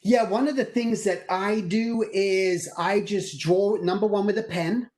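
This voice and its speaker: A man giving a conversational career talk to students over a video call, energetic and acting out quoted dialogue. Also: high-pitched, unhurried. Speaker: guest presenter.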